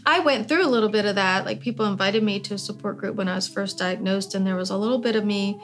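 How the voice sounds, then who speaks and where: A woman's voice: medium pitch, a bit bright. Woman, middle-aged, rambling conversational interview, faint music underneath. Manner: chatty, rambling, many restarts. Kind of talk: casual interview talk.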